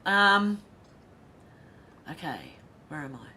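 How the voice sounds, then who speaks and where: A woman's voice: fairly low pitch, big pitch swings, slow, sharp tone. A middle-aged Australian woman hosting a casual livestream, reading viewer comments aloud with giggly, chatty asides. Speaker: livestream host.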